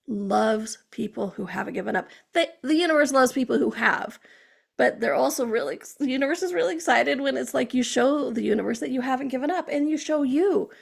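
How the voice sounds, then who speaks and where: A woman hosting her own podcast, talking in a chatty, animated motivational monologue and often checking in with "okay?". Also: a little high, creaky, slightly rough. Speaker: podcast host.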